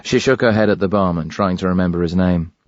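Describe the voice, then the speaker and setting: A man narrating an audiobook thriller in a measured, grave read. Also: low voice, no room sound, highs cut off. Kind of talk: scripted narration.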